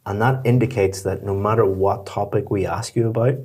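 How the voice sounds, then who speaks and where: Low-voiced man explaining exam scores. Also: fairly even intonation, brisk, darkish tone. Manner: clear, methodical teacher giving examples. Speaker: IELTS examiner giving feedback. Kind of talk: explaining test scores to a candidate.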